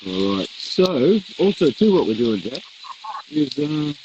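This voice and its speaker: A man's voice: a little high, very animated, measured pace, muffled recording, noisy background. A man co-hosting a live barbecue show, chatting casually and laughing easily while he grills. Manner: easygoing, laughs often, says "mate".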